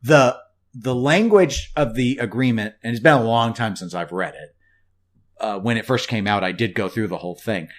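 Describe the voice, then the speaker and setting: A man's voice: on the low side, moderate pace. Rambling wry podcast co-host, man. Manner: rambling, wry asides, frequent restarts. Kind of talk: casual podcast chat.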